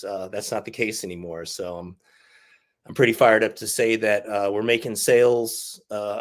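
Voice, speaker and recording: Frank, cursing veteran man telling his story. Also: fairly low pitch. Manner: frank and profane, laughs through hard stories. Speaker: podcast guest, army veteran. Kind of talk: candid interview storytelling.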